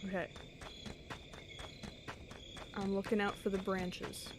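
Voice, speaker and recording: A woman streaming a video game live, reacting out loud, swearing, exclaiming and laughing as she plays. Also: medium pitch, completely flat delivery, slow pace, noisy background. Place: home streaming setup. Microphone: desk microphone. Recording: loud game music over voice. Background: loud game music.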